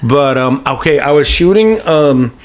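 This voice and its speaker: Chatty man telling stories, slightly high voice. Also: a little slow, over a noisy crowd. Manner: animated anecdote-telling, lots of "you know". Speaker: guest actor. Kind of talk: casual podcast storytelling.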